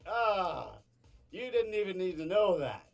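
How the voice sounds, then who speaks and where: A man's voice: high-pitched, sing-song, measured pace, gravelly, soft background music. A man cracking up and cursing through his own recording outtakes. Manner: profane, laughing at his own mistakes. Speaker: voice actor in a blooper reel. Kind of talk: casual blooper outtakes.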